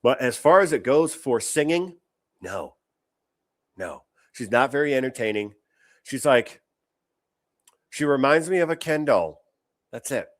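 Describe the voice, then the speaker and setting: A man's voice: medium pitch, lively intonation, unhurried, long pauses, no room sound. A man hosting a show, giving blunt, opinionated reaction commentary on clips, swearing often and restarting his sentences.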